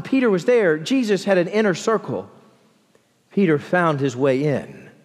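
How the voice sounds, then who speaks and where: Male pastor, fairly high voice, animated delivery, church hall reverb. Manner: expressive preaching, dropping low and slow for emphasis. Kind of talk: sermon. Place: large church sanctuary.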